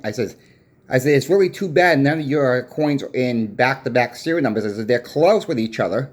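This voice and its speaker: A man's voice: medium pitch, lively intonation, fairly quick. A man who runs a coin shop, casually retelling an argument with a customer in a folksy, plain-spoken way, full of repeated "I said" tags. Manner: retells a dispute with many "I said" and "I says" tags. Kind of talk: casual storytelling vlog.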